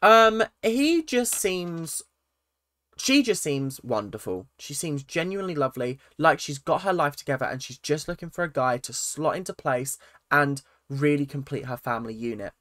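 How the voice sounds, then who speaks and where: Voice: medium pitch, animated, normal speed, a bit bright, no room sound, clean studio sound. A reality TV reaction vlogger, casual and sarcastic, often repeating phrases in exasperation.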